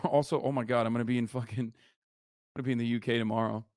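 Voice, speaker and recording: A man's voice: medium pitch, steady tone, racing, no room sound, clean studio sound. A man streaming his reaction to a video, ranting animatedly and sarcastically with lots of swearing. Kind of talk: casual profane commentary.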